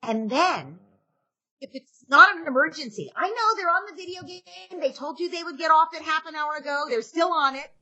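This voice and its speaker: A woman's voice: high-pitched, animated, moderate pace, bright, forceful tone. A middle-aged woman, a parenting expert, giving advice in a casual podcast interview and acting out parent and kid lines.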